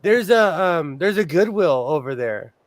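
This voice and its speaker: A man from Los Angeles, hosting a casual chat and telling animated stories with quick asides. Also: a little high, no echo. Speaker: host.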